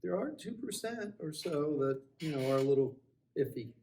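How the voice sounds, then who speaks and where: Brief: middle-aged man, casual anecdote, animated, voices each side of the talk. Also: fairly high pitch, normal speed, distant mic, slight background noise. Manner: animated, acts out both sides of the conversation. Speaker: storyteller on a student news show. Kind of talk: casual anecdote told to camera.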